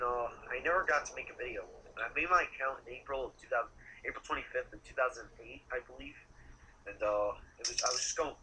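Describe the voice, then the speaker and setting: A man being interviewed as a guest, talking in a rambling, halting way and swearing casually. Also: medium pitch, bright, forceful tone, a little hiss or hum, rough recording. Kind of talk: casual chat.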